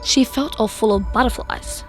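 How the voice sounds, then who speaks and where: A woman with a slightly high voice reads story lines plainly. Music plays clearly under her voice. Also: normal speed. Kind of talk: group storytelling.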